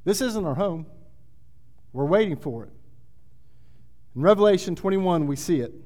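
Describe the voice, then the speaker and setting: A man's voice: high voice, expressive, moderate pace, darkish tone. A man preaching a sermon, reading scripture aloud and building in intensity. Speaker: pastor. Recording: long hall reverb.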